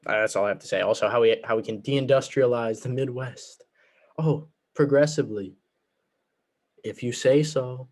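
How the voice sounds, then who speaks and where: A teenage boy casually ranking books he has read, sarcastic and rambling, with lots of fillers. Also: on the low side. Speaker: book reviewer. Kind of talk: casual vlog chat.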